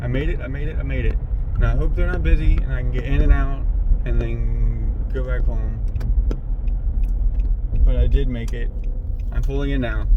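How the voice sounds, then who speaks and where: A young man on the edge of a panic attack, rambling and soothing himself with lots of fillers and swearing while he drives and films himself on a phone. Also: mid-range voice. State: anxious, near panic. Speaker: mental health vlogger. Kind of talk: anxious self-talk vlog. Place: in a car, driving. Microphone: phone filming himself. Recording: dull lo-fi with loud car noise.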